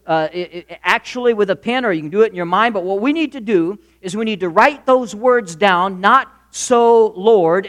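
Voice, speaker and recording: High-voiced male preacher, animated. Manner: animated, humorous, acts out quotes. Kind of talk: sermon.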